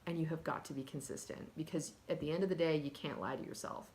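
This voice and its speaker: A woman's voice: low voice, fast, a little mellow. A woman talking candidly and earnestly in a personal vlog, emotional at times and casual with fillers. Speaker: vlogger. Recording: echoey room.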